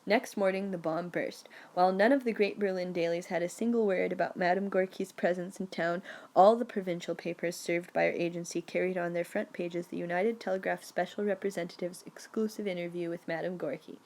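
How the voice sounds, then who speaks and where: A woman reading a memoir audiobook aloud in a lively, storytelling manner. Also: on the low side, fairly quick. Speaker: audiobook narrator. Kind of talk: scripted first-person narration.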